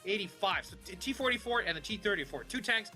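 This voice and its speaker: Bright high-voiced male game commentator. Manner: excitable, jokey, quick to laugh. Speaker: esports commentator. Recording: faint music behind.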